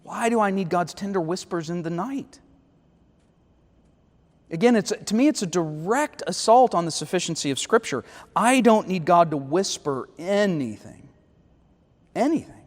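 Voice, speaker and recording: High-pitched guy teaching bible study, snarky asides, echoey church hall. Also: lively intonation, moderate pace, pauses often. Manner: wry, critical, reads lyrics aloud with sarcastic asides. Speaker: pastor leading Bible study.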